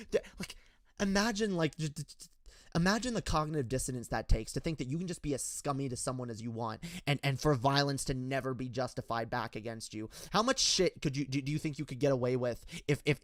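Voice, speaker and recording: A man's voice: on the high side, dry recording. A man giving a heated, profane political rant, full of stammered restarts. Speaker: political commentator. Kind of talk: casual ranting commentary.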